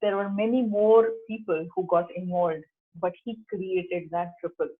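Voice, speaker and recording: A woman's voice: lowish voice, fairly even intonation, measured pace, slightly rough. A middle-aged woman, leading a coaching workshop in an earnest, instructive way and repeating key phrases. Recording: tinny phone-like online call audio.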